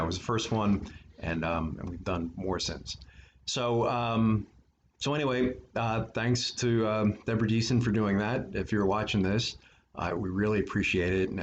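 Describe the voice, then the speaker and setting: A man reading a children's picture book aloud at story time, with relaxed, chatty asides. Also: on the low side, moderate pace, lo-fi sound, slight background noise. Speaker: story time reader for an art studio. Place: art studio.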